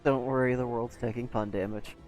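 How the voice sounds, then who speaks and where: A young man running a tabletop game as game master, narrating slowly and making puns. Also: mid-range voice, fairly even intonation, over music. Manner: wordplay, slow deliberate narration.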